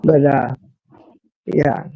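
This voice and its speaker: A woman hosts a live stream, telling an animated story and slipping into the voices of the people in it. Her voice comes through muffled and lo-fi. The audio is dry, with no room sound. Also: rumbling low, extremely slow, vocal fry, dry recording. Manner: animated storyteller who acts out others' lines. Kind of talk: casual storytelling chat.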